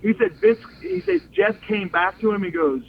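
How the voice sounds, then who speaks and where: A man who once wrestled spins lengthy tales in a casual interview, performing quotes and laughing a lot. His voice sits high with vocal fry at a moderate pace, coming through phone-line audio with faint noise.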